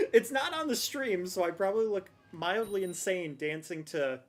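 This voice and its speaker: A woman's voice: fairly low pitch, measured pace, soft background music. Chatty young woman streaming a game. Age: young adult. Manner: chatty, rambling, restarts, excited outbursts. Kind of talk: casual gameplay commentary.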